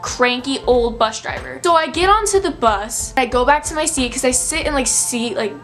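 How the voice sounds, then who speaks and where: A woman's voice: high voice, lively intonation, normal speed, fairly bright tone, faint music behind. A young woman in her late teens telling a storytime vlog in a chatty, filler-heavy, breathless way. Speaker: vlogger.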